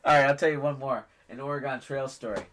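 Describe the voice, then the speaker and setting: A man's voice: medium pitch, fairly even intonation, quick pace, fairly bright tone. A man in his forties hosting a casual family podcast, a rambling joke-telling dad who pokes fun at himself. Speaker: podcast host and father.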